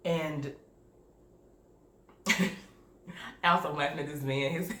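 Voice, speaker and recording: Animated woman in an echoey room. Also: sits low, slow. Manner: candid, animated, laughing often. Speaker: video reviewer. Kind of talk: casual reaction commentary. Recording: echoey room with faint noise.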